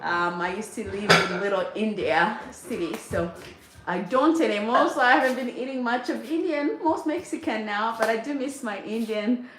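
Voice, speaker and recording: Mom cooking dinner on a livestream, kinda high voice, roomy kitchen echo, chatting with viewers. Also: female voice, moderate pace. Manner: chatty, reads viewer comments aloud, frequent laughs. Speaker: livestream host, mother of a large family. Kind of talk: casual livestream chat while cooking. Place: home kitchen. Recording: echoey kitchen with faint noise.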